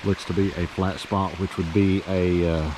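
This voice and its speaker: A man with a low voice and fairly even intonation speaks at normal speed over a noisy background. He's a real estate agent with a cold, giving a rambling, folksy walking tour of wooded riverside land for a property vlog, sniffling and out of breath from climbing.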